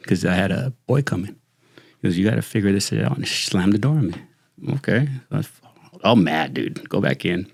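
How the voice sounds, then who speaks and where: Gravelly low-voiced retired lawman. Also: fairly quick, no room sound, clean studio sound. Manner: animated, slangy, says "dude" constantly. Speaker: retired sheriff's lieutenant, podcast guest. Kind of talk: casual storytelling chat.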